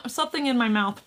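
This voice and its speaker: A woman's voice: on the high side, fairly bright tone. A woman psychic medium chatting casually on a livestream. She laughs often, keeps apologizing and gets easily sidetracked, speaking to a camera on a tripod.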